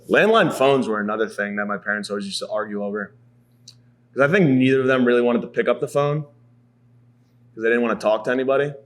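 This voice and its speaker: A man's voice: on the low side, fairly bright tone. A man in his thirties delivering a rambling, profane, self-mocking comedy monologue as a podcast host. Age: 30s.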